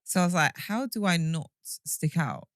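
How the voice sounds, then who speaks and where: A woman's voice: lowish voice, expressive, normal speed, dry recording, studio quality. A young woman, co-hosting a podcast in casual chat, telling stories with rambling asides and self-corrections. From England. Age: young adult. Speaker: podcast co-host.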